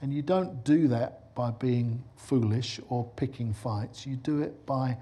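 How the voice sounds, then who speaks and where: A middle-aged man giving a lecture in a husky voice with a medium pitch. He tells his stories with animated energy and acts out the voices of the people in them. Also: a little slow. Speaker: film director giving a lecture. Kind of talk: lecture with lively anecdotes.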